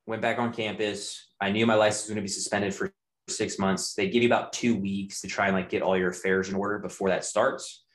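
A man's voice: fairly low pitch, flat delivery, a little fast. A young adult man telling a personal story in a casual, candid way, with loose, profane phrasing. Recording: roomy echo.

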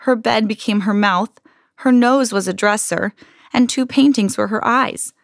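A woman hosting a podcast, reading a children's picture book aloud in an expressive storytelling manner. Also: on the high side, a little slow, gravelly, no room sound, studio quality.

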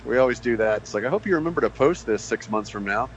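A man's voice: medium pitch, animated, quick pace, a little hiss or hum. A male voice actor guesting on a podcast, making dry, laid-back jokes. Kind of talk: casual chat. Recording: slightly dull lo-fi sound.

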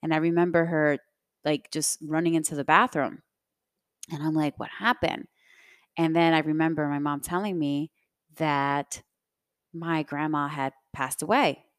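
A woman's voice: low voice, steady tone, normal speed, clean tone, no room sound, studio quality. A young adult woman hosting a podcast, telling a personal story in a reflective, conversational way with many fillers. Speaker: podcast host.

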